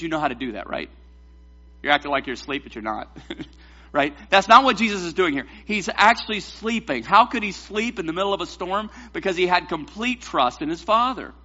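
A man preaches to his congregation in a high, bright voice. He is animated and throws in joking asides, and the recording sounds slightly dull. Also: slightly rough. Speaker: pastor. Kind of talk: sermon.

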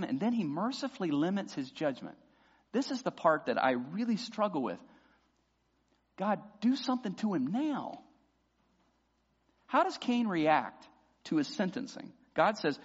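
A man preaching a sermon as pastor, passionate and building to loud emphatic peaks. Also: high-pitched, big pitch swings, moderate pace, husky. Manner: impassioned preaching, voices imagined prayers loudly. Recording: dull sound with long hall reverb.

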